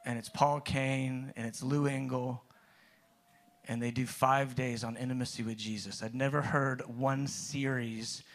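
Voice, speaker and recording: A man's voice: medium pitch, a bit bright. Man preaching a personal testimony. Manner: conversational storytelling, trailing restarts, builds to emphatic peaks.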